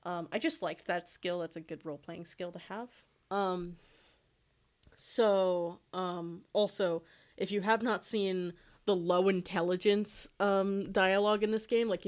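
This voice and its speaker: A woman's voice: medium pitch, darkish tone. A woman in her twenties, chatting casually and rambling with lots of fillers while she draws on a livestream, easily amused. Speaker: streamer and artist.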